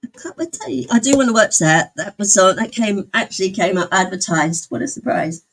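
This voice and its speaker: Young woman, livestream host, chatty and relaxed, mid-range voice, replies to viewers' comments. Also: mid-range voice, a little fast, a little hiss or hum, low-quality recording. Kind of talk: casual chat.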